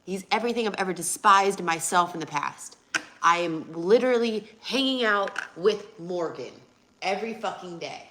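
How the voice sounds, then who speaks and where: Profane, erratic female vlogger, lower-pitched voice. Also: normal speed, slight background noise. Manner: rambling, profane, erratic swings from murmurs to loud bursts. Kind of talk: rambling casual vlog talk.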